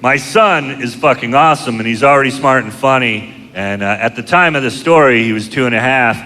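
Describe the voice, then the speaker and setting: A middle-aged man doing a stand-up comedy set, telling crude, self-mocking stories in a deadpan way, recorded live in a comedy club. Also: medium pitch, a little fast. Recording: live club show, long hall reverb, audience noise. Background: audience laughter.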